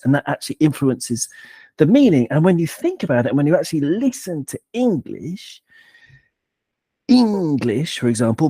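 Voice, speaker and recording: A man hosting a football podcast, talking in a playful, digressive, animated way. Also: a little high, slightly rough, dry recording, clean studio sound. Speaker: podcast host. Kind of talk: casual football chat.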